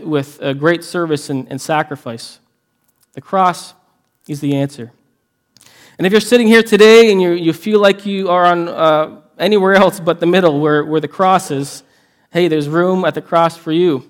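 A man preaching a sermon, earnest and emphatic, often restarting his phrases. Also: a little high. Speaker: pastor.

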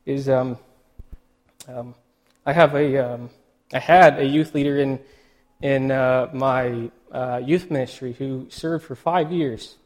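Emotional, halting man preaching. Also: medium pitch, steady tone. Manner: emotional, halting with many restarts and fillers. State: choked up, emotional. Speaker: pastor. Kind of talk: sermon.

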